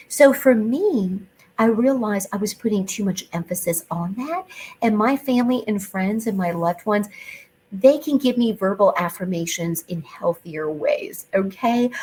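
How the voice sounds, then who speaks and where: A middle-aged woman hosting her own podcast, talking chattily with animated emphasis and playful asides. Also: mid-range voice, a little hiss or hum, low-quality recording. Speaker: podcast host. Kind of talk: solo podcast talk.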